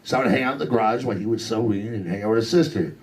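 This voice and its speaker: A man's voice: fairly low pitch, very fast. A young man doing a crude, brash stand-up set on a comedy club stage.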